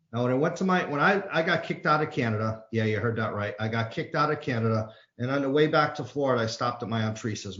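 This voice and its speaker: A man speaks at an AA meeting, moving from reading aloud to a plain, earnest personal story. He restarts his sentences often. The sound is dull and carries the echo of the room. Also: medium pitch.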